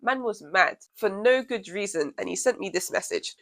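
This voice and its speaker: A woman vlogger telling a storytime tale in an animated, sassy way. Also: medium pitch, normal speed, gravelly, hardly any pauses. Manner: animated, sassy, laughs often. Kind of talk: storytime vlog.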